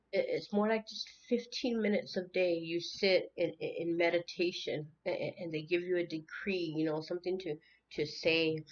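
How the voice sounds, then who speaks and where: A woman's voice: low-pitched, darkish tone, dull audio. A woman talking earnestly and emotionally in an unscripted spiritual monologue, often repeating words as she goes. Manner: earnest, repeats words and restarts, tearful at times. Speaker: spiritual tarot channel host.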